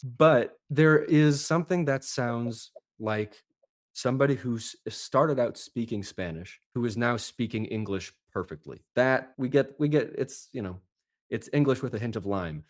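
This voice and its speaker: Male accent coach, mid-pitched, animated storyteller in casual chat. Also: unhurried. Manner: animated storyteller, lively asides.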